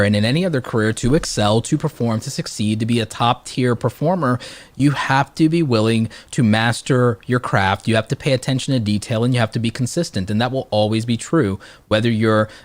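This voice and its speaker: A man's voice: mid-range voice, dry recording. A man hosting a live stream discussion, speaking emphatically and motivationally, with frequent "like". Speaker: host YouTuber.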